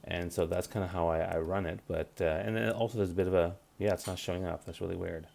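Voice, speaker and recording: Low-voiced man in his forties, chatty. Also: fairly even intonation, quick pace, vocal fry, a little mellow. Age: 40s. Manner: loose and conversational, many fillers and restarts. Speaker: host of a live career-advice broadcast. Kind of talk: casual live-stream talk.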